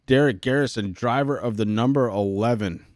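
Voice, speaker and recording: Male race caller, breathless, hyped, stumbles and restarts, mid-pitch voice. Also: dry recording, clean studio sound. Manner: excitable, fast-shifting, stammering restarts. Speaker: race commentator. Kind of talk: sim racing broadcast commentary.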